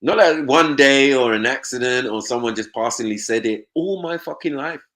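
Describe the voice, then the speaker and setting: A man's voice: medium pitch, normal speed, fairly bright tone. A young man of Nigerian background, chatting loosely, swearing freely and slipping into mimicked voices. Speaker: panel host. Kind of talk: casual chat.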